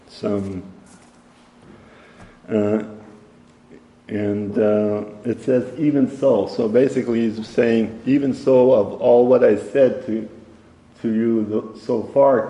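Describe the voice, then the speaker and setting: A man teaching a Bible study, halting often with fillers and reading verses aloud. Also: fairly low pitch, dark tone. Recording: echoey hall with long reverb.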